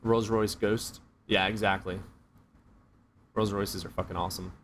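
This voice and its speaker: A man with a lower-pitched voice chats loosely with his live-stream viewers, swearing freely and joking as he rambles. A faint hum of noise sits under his voice. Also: flat delivery, unhurried, a bit bright. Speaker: streamer answering chat. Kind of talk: casual live-stream chat.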